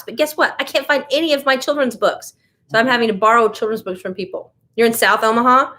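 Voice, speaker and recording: Quick and bright with a pushed quality, this woman's voice sits on the high side. She's an American livestream host keeping the talk casual and responding to comments as she goes.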